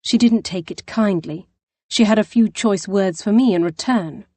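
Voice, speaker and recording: A woman's voice: mid-range voice, moderate pace, dark tone, dry recording, natural voice. A woman voicing a distraught young woman who is an older sister, tearful and defensive. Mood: upset.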